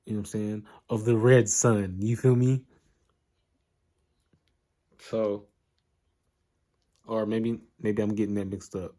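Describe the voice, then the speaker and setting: A man casually recapping an anime in a relaxed, slangy way, full of asides and fillers. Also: fairly low pitch.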